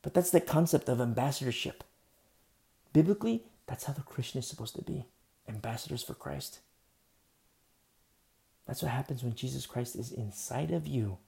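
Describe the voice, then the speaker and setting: A male pastor preaching a relaxed, conversational sermon, rambling with lots of fillers and restarts. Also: medium pitch, normal speed, creaky, long pauses.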